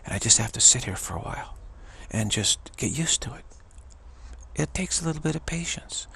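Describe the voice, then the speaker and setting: Husky, gravelly man giving a spiritual pep talk. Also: medium pitch, animated, pushed and bright. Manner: earnest, repetitive, halting with restarts. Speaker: spiritual teacher.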